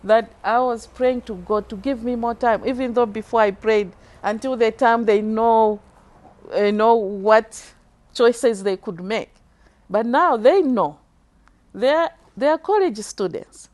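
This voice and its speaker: Slow, heartfelt middle-aged woman testifying. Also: fairly high pitch, darkish tone. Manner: earnest, slow and heartfelt, moved to tears at times. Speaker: church member giving a testimony. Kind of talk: emotional faith testimony interview.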